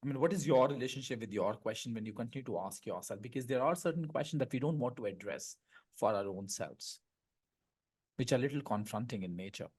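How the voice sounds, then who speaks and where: A man with a husky, slightly rough voice, hosting a podcast over a video call. He asks questions thoughtfully and often rephrases them as he goes. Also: mid-range voice, animated, fast talker, darkish tone. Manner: reflective, stacks up rephrased questions. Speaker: podcast host. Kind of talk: interview questions.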